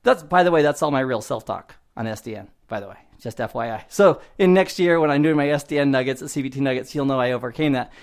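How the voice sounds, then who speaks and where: A man in his fifties giving a motivational IT training lesson in an animated, conversational way, often laughing at himself. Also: mid-range voice, fast, hardly any pauses. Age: 50s. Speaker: IT instructor.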